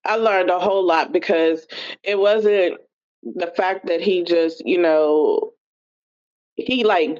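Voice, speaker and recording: A woman's voice: lowish voice, a little slow. Chatty woman guest on a muffled line. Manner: chatty, animated storyteller. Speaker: guest, gospel singer and actress. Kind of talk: casual storytelling interview. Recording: muffled remote call audio.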